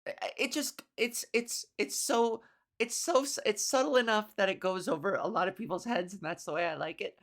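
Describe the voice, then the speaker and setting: Woman comedian ranting on her podcast. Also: medium pitch. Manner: profane, sarcastic ranting with quick laughs. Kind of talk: casual solo podcast rant.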